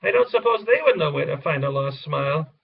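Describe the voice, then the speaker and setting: A chirpy lady bird, voiced by a man with a pitched-up tone. She sounds far away on a dull, lo-fi recording. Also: expressive, a little fast, creaky, breathy edge, exaggerated voice. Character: chatty female bird.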